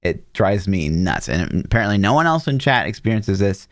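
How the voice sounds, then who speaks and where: Animated, foul-mouthed man on a gaming podcast. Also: on the low side, moderate pace, dry recording, clean studio sound. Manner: animated, swears a lot, joking. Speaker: podcast co-host. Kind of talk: casual gaming chat.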